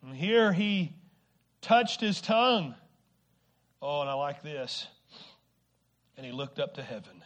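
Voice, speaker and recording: High pitched preacher guy, goes quiet then loud, stammers and repeats, sermon. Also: takes it slowly, long pauses. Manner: swings from hushed to shouting exhortation, repeats words; acts out quoted people with sudden shifts.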